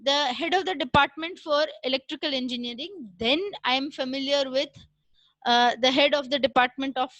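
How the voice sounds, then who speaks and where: Woman lecturer, high voice, explains patiently with filler pauses. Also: fairly bright tone, dry recording, muffled recording. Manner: explains step by step with frequent "uh" pauses and "right?" checks. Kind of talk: recorded classroom lecture.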